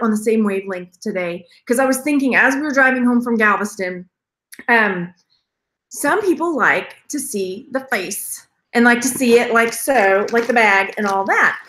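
A high, bright-voiced woman rambles through a live stream, greeting her viewers one after another. Her talk wanders from one tangent to the next, with plenty of laughter along the way. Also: animated, normal speed. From Texas. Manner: rambling, chatty, laughs often. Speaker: jewelry reseller, channel host.

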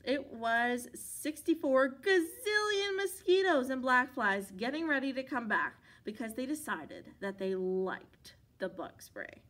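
A woman reading a picture book aloud for children at a library, animated and playful with sound effects. Her voice is high and crisp, with a bright edge. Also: unhurried, few pauses. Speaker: library storyteller.

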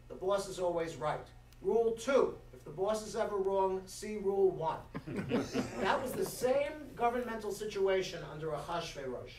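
Guy telling a funny story at a shabbat service, higher voice, echoey hall, mic kinda far off. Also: darkish tone. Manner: joking, playful asides to the congregation. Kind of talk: humorous storytelling sermon. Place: synagogue sanctuary.

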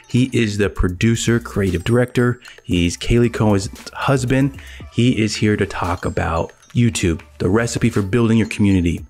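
Lower-voiced male host, upbeat and quick, for an interview podcast intro. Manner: energetic, talks fast when excited.

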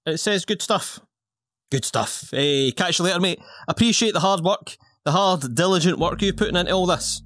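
Game music plays behind this man's playful, in-character gameplay commentary, which is cheeky and wanders all over the place. He's a gaming YouTuber with a high, slightly bright voice, speaking at a moderate pace on a dry recording.

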